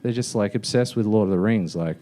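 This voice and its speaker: A man's voice: on the low side, a little fast, warm tone. A young man doing a mocking stand-up roast in a comedy club, with a loose, offhand delivery full of fillers. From Australia.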